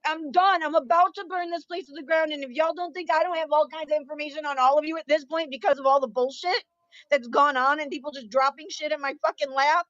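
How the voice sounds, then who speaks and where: A woman cries while ranting angrily on a livestream, furious and profane, repeating herself as she vents. Her high voice holds a steady tone at a quick pace, fairly bright with no echo, through dull lo-fi stream audio.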